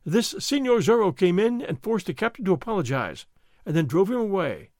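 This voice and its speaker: A man's voice: sits high, sing-song, fairly quick, a little mellow, no room sound, studio quality. A man reading aloud and voicing an anxious older noblewoman, a mother, who speaks in a fussy, emphatic way.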